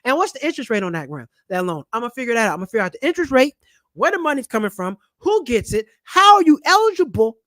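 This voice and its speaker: Loud joking man ranting to camera. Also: very high-pitched, rapid-fire, no echo, clean studio sound. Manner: loud, animated, slangy and joking. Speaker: channel host and comedian. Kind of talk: casual personal finance vlog rant. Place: at home, seated in a chair. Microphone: camera mic.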